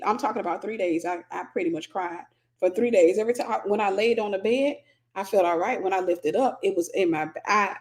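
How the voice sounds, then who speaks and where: An American woman hosting a candid Christian teaching talk, telling a humorous personal story in an animated, confessional way. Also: medium pitch. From United States.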